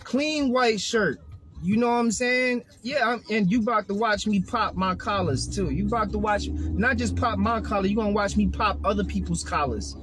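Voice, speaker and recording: A man's voice: high voice, brisk, hardly any pauses, fairly bright tone, low-quality recording. A man with a Brooklyn New York accent delivering a profane, streetwise motivational rant from inside his car. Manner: profane, streetwise, hyped-up preaching. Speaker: vlogger.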